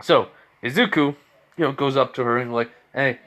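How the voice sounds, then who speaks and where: A man narrates an improvised fan story in a loose, rambling way, leaning on fillers and restarting his sentences. His voice sits at an ordinary middle pitch for a man, and his casual, unscripted delivery sounds homemade. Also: brisk, fairly bright tone.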